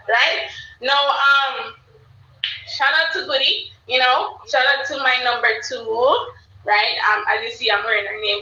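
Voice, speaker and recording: A woman's voice: on the high side, sharp tone, a little hiss or hum. A Jamaican woman hosting a live stream, chatting casually and repeating herself as she calls out to her viewers. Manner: repetitive, loose, chatty, calls to the chat. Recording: roomy, distant, dull-sounding mic.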